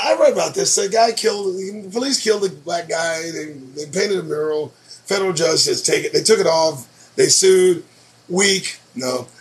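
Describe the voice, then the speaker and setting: Male solo host, high and expressive voice, profane and sarcastic running commentary on news items. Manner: profane, sarcastic and animated, reacting to headlines. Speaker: show host.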